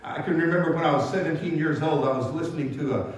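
A male pastor preaching with a fairly high voice, telling stories and often restarting his words. The sound is very echoey, caught from a distance in a large hall. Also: quick pace, slight background noise. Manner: storytelling with stammered restarts. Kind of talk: sermon. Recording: echoey hall, mic from far off.

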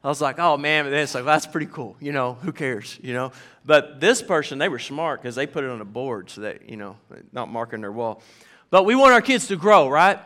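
A middle-aged man preaching a sermon as pastor, folksy and animated, talking straight to his congregation. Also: mid-range voice, a little fast. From American South.

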